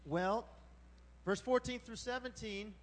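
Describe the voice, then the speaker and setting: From the pulpit, a man with a strikingly high voice delivers a sermon as a pastor, speaking loosely and animatedly and breaking into exclamations. His pace is a little slow, and his words ring out with a long reverb through the church hall.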